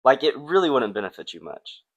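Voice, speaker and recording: A man's voice: medium pitch, very animated, a little fast, creaky. A young man co-hosting a podcast in casual chat, answering in a dry, matter-of-fact way. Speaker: podcast co-host.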